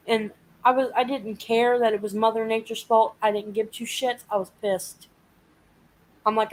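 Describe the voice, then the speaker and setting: A woman's voice: medium pitch, steady tone, moderate pace, slight background noise, rough recording. A woman hosting a casual live chat, venting and swearing as she animatedly retells a frustrating week. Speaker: live stream host.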